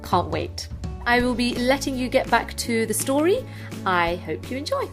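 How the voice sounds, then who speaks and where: Woman beauty vlogger, excitable and chatty, fairly high voice, light music underneath. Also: normal speed. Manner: bubbly, excitable. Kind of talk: makeup tutorial and chatty outro.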